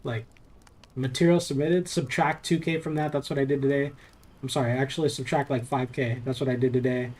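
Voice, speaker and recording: A man's voice: medium pitch, steady tone, a little fast, darkish tone. Profane, rambling young man streaming a game. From Southern California. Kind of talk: casual live-stream chat while playing.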